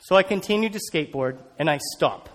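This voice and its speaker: A man telling a personal story as a sermon, animated and acting out scenes. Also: fairly high pitch, fairly quick, big-room sound.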